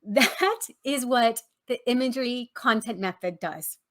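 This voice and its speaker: A woman's voice: fairly high pitch, unhurried, fairly bright tone. A woman business coach teaching casually, retelling a story in a rambling, chatty way.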